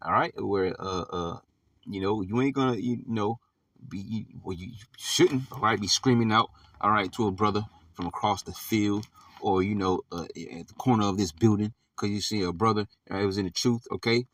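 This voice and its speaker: A man with a lowish voice leads an informal bible study, reading verses aloud and then breaking them down in casual, slangy talk. He keeps checking in with the listener. The sound is dry and a little distant from the mic. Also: moderate pace, fairly bright tone, no echo. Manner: conversational, slangy, frequent "all right?" check-ins. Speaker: bible teacher.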